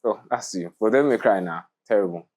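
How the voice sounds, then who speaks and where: A man's voice: lowish voice, quick pace, darkish tone. A young man co-hosting a podcast in a studio, opinionated and prone to rants, laughing often. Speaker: podcast co-host. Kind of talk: casual podcast chat.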